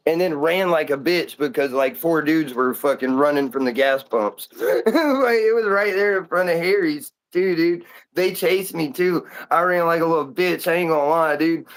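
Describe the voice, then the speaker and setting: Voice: medium pitch, unhurried. A stream guest tells a fight story in easy, casual talk, full of slang and swearing. Laughter keeps breaking into the telling. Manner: profane, laughs often, slangy.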